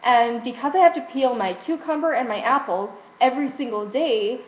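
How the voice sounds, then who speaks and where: Speaking fairly quickly in a higher voice, a young adult woman vents her frustrations frankly in a personal vlog, emotional and swearing freely. The audio is roomy and dull, lo-fi with a faint hiss.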